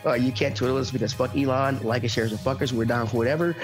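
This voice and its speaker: A man's voice: mid-range voice, fairly even intonation, quick pace, over music. A man hosting a casual podcast, ranting and swearing about other drivers in an offhand way. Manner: ranting, swearing, acts out voices loudly. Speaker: podcast host. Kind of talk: casual profane chat.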